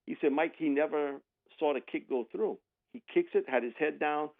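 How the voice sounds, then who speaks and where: Man, animated storyteller, tinny phone sound. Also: a little high, normal speed, gravelly. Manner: animated, mimics voices in anecdotes with laughs. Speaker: radio guest. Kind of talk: storytelling on sports radio.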